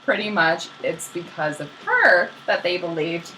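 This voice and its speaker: A young woman casually retelling myths as a podcast co-host, slangy and animated, acting out the characters. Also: fairly low pitch, measured pace, very noisy.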